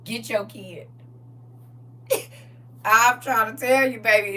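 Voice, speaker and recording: Lively grandmother, bright voice, distant mic. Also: on the high side, normal speed. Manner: animated storytelling, laughing often, reading viewer comments aloud. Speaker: live-stream host. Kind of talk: casual live-stream chat. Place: at home, indoors.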